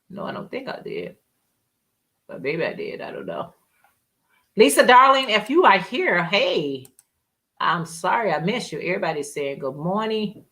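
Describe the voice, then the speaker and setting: A woman's voice: medium pitch, bright, forceful tone. A woman hosting a casual live stream, rambling and reading viewer comments aloud with frequent laughs. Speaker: livestream host.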